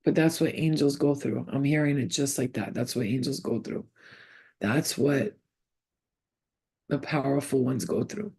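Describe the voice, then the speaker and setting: A woman's voice: extremely low pitch, unhurried, vocal fry, long pauses, dark tone, slightly rough. A woman giving a psychic reading to camera, rambling and emotional as she repeats the names and messages she hears. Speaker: psychic medium. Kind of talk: channeled spirit reading to camera.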